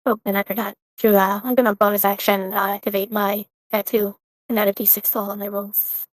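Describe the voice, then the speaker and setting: Here a woman speaks fairly quickly in a mid-range voice with little pitch movement, and there's no echo. She's playing an online tabletop game, casually chatting on a call while she hesitantly narrates her turn with lots of fillers.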